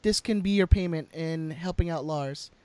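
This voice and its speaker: High-voiced rambling man. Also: moderate pace, a little mellow, smooth, dry recording. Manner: rambling, repeats words, many fillers. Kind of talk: casual chat.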